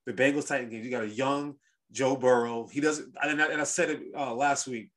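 A man hosting a casual sports podcast, telling stories in an animated, rambling way with lots of restarts. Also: mid-range voice, a little fast. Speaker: podcast host.

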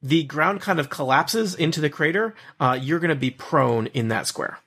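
Knarrig-rauer Spielleiter, entspannt lachend. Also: male voice, fairly high pitch, normal speed, slightly rough. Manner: relaxed, laughs often, many fillers. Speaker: game master. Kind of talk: narrating a tabletop game.

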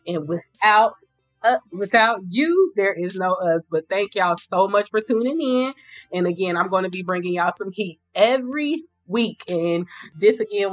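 Woman podcast host, informal, chatty, medium pitch. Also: poor audio. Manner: chatty, informal, addresses listeners as y'all. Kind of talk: casual solo podcast talk.

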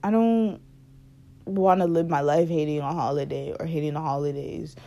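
A woman's voice: low-pitched, steady tone, normal speed, warm tone. A young woman casually telling a personal story, rambling with lots of fillers and laughing at herself.

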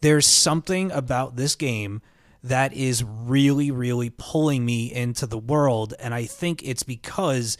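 A man's voice: mid-range voice, unhurried, dry recording, studio quality. A man co-hosting a podcast, chatting casually about video games with lots of "like" and "um" fillers. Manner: rambling, many fillers like "like" and "um". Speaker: podcast co-host.

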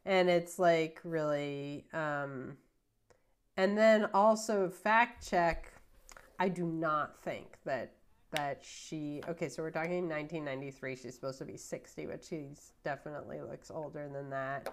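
A woman with a fairly low-pitched voice talks as a podcast guest. She rambles through her opinions in a loose, casual way and keeps dropping filler words between her points. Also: measured pace, slight background noise.

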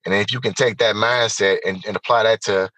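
A man telling a personal story as an interview guest, animated and emphatic, speaking straight to the listeners. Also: on the low side, fairly quick, dry recording, low-quality recording.

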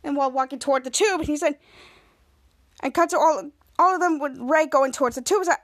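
High pitched woman podcaster recapping a show, rambly and stop-start, lots of restarts. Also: fairly quick. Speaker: podcast host. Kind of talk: casual recap of a TV episode.

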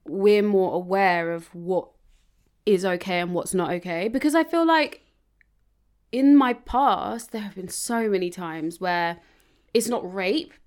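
A woman's voice: mid-range voice, a little slow. A young woman in casual chat, speaking in a thoughtful, reflective way.

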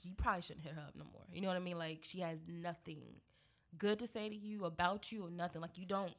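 Animated woman telling a story, lots of laughter. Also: lowish voice, fast talker. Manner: animated storytelling, acts out quoted voices, laughs often; casual American slang, says y'all and girl. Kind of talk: casual chat.

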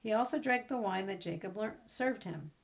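A woman teaches a Bible lesson, first reading the passage in a steady storybook manner, then talking it over with small hesitations. Her voice sits at a middle pitch. The recording is dull and lo-fi. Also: normal speed, vocal fry. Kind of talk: reading scripture aloud, then explaining it.

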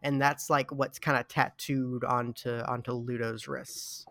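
A male podcast host in easy chat with friends, talking slowly and winding through his thoughts with plenty of pauses. He laughs at himself as he goes, and his voice sits at an ordinary middle pitch. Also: little pitch movement, creaky, fairly bright tone, no room sound. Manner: halting and rambling, laughs at himself. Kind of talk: casual chat among friends.

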